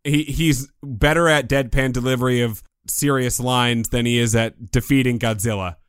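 Casually reviewing a film on a podcast, a man acts out quotes and adds quips, his clear, resonant mid-range voice keeping a fairly even intonation at normal speed. The studio-quality recording has no room sound.

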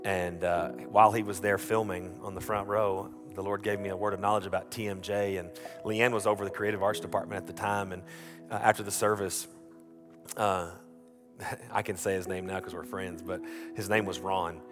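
Male pastor, low-ish voice, storytelling sermon with many restarts, music bed underneath. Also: level tone, moderate pace.

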